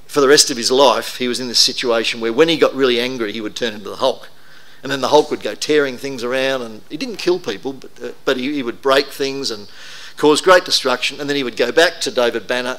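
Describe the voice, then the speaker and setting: Middle-aged man preaching, bright voice, chatty storytelling style. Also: medium pitch. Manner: conversational, anecdotal, self-deprecating. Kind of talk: sermon talk.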